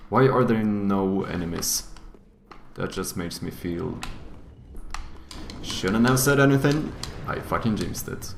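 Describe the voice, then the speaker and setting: An excitable man streaming a video game, swearing and bursting into laughter as he plays. His pitch swings widely while his pace stays slow and drawn out. Faint music plays behind him. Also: creaky. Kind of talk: casual gameplay streaming.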